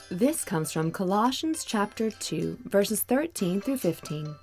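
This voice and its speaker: Woman podcast host, kids' storyteller, clear and gentle, soft music bed. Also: mid-range voice, big pitch swings, a little slow, few pauses. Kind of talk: warm scripted narration for children.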